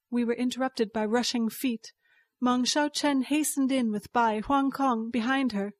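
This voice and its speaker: A woman reading a story aloud in first person, slow and measured. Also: fairly high pitch, a little mellow, no echo, clean studio sound. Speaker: narrator. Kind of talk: scripted story narration.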